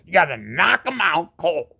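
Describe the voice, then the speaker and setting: Gravelly man in his seventies, ranting. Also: a little high, very animated, unhurried, sharp tone. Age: 70s. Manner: indignant ranting, rhetorical questions, repeats words. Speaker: disabled veteran. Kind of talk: angry monologue to camera.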